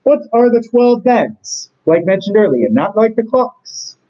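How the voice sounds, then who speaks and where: A man's voice: sits high, big pitch swings, measured pace, lo-fi sound. A man casually reading out trivia questions and answers, rambling with chatty, self-deprecating asides. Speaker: trivia host. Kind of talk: casual chat.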